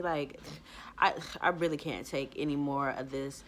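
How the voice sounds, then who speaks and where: A woman podcaster with a deep, fairly even voice and fairly bright tone talks to camera at a moderate pace. She rambles through a personal story in casual chat, packing it with "like" fillers and acting out what she said back then.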